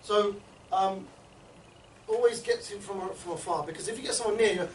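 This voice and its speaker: A man training a group in street outreach, talking in a rapid, chatty way and often checking in with his listeners. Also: high voice, big pitch swings, slight background noise. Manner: rapid, chatty, keeps checking in with "yeah?" and "right?". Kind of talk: instructional group talk. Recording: echoey room, mic at a distance.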